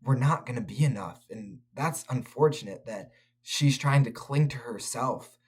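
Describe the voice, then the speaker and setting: A man's voice: medium pitch, darkish tone, slightly rough. A man reviewing a film for his channel, talking straight to his viewers in an earnest, preaching way. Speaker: faith-based film reviewer.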